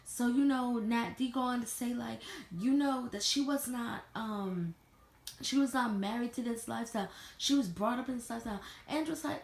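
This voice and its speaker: Young woman ranting about a reality show, blunt and cussing, gravelly voice, echoey room with faint hum. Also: fairly high pitch, normal speed. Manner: blunt, profane, animated retelling with slang. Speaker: reality TV reviewer. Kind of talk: casual chat.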